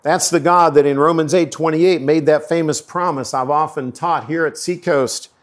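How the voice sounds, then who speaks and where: A man preaching a sermon as a pastor, talking in an earnest, conversational way. His voice sits a little higher than most men's. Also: fairly even intonation, moderate pace.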